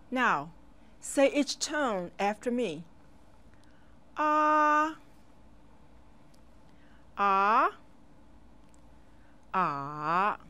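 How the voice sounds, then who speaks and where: A woman teaching a children's language lesson in a slow, clear voice, pausing for the learner to repeat after her. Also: fairly high pitch.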